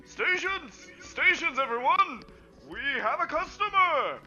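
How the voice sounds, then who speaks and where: A man's voice: high voice, huge pitch swings, normal speed, pitched above the performer's own voice. A man voicing a fussy, theatrical old male shopkeeper with a monocle, in a muffled lo-fi recording with faint music behind. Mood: excited.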